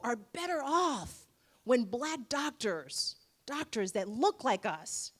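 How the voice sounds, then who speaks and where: A woman in her forties, a dentist giving an emphatic, rhetorical motivational speech with dramatic pauses at a gala. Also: fairly high pitch. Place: gala event room.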